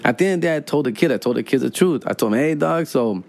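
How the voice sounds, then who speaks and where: A man's voice: medium pitch, lively intonation, very fast, darkish tone. A man of forty, telling a rambling, profane, slang-heavy story in casual monologue. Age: 40s.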